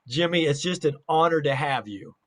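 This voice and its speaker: A man hosting an interview show, opening with an energetic, hype-style introduction before chatting with his guest. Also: on the high side, normal speed. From Salt Lake City area, United States. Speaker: podcast host.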